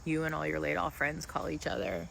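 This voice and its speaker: A woman's voice: deep voice, flat delivery, brisk, vocal fry, a bit bright, slight background noise, low-quality recording. A young woman candidly vlogging about being laid off, frank and wry, swearing freely. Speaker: laid-off office worker vlogging. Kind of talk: candid confessional vlog.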